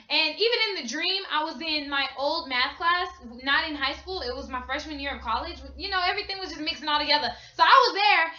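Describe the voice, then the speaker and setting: Young woman vlogger, high bright voice, chatty slangy storytelling, echoey small room. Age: young adult. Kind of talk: casual storytime. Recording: echoey room, slightly dull sound.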